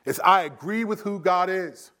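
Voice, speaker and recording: A man in his thirties preaching a sermon in a conversational style, acting out quick quotes. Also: sits high, pushed and bright. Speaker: pastor.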